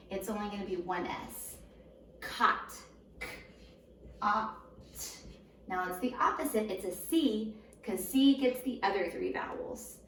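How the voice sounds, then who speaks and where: A woman teaching first graders a recorded home lesson, patient and slow, sounding words out syllable by syllable. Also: mid-range voice, a little hiss or hum. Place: home room. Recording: roomy echo, voice a bit far from the mic.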